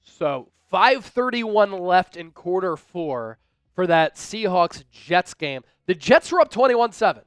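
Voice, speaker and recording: A man with a high, smooth, resonant voice hosts a live sports stream. He talks casually and upbeat, reading out viewer donations and game scores. The sound is dry and close. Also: sing-song, takes it slowly, a bit bright, dry recording, soft background music. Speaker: livestream sports show host.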